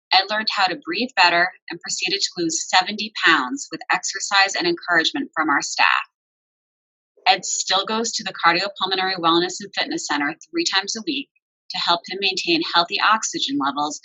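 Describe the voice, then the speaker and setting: A woman hosts the tribute and reads out prepared introductions of each honoree. Her tone is bright and crisp, and her voice sits on the low side. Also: normal speed, low-quality recording. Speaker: event host. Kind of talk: scripted tribute reading.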